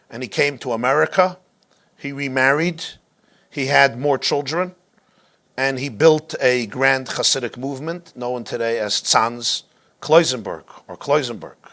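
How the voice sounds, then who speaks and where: A male rabbi teaching a class, telling a story dramatically and slowing down to stress key moments. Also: mid-range voice, fairly bright tone. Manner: dramatic, slows down for emphasis. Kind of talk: storytelling lecture.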